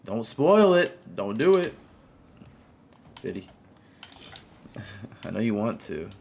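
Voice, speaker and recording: Gravelly-voiced male game streamer. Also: fairly low pitch, very animated, slow pace, darkish tone, slight background noise. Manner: greets viewers and reacts to gameplay. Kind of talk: casual live-stream gaming chat.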